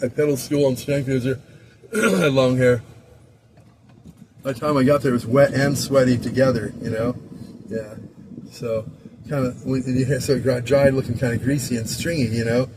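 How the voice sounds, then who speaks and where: A man's voice: mid-range voice, fairly even intonation, a little fast, long pauses. A man in his sixties from Southern California tells a loose, rambling story about his school days, chuckling often. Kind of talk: casual rambling anecdote. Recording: clear traffic noise behind.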